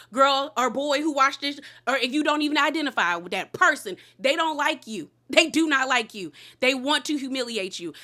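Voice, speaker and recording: A woman recaps a reality show episode in a casual, slangy way, animated and emphatic. Her voice sits a little high and sounds bright and forceful.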